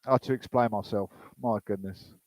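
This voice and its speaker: A man's voice: lowish voice, fairly even intonation, a little fast, a little mellow, no room sound, low-quality recording. A man hosting a casual political commentary show. He reads news aloud and breaks off into rambling, chatty asides.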